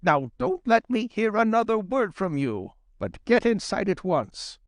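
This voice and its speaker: A man voicing a stern old grandmother fox who gives sharp, scolding orders in a storybook reading. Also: high voice, very animated, a little slow, dry recording, clean studio sound, voice pushed up, heavily acted. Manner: scolding, commanding.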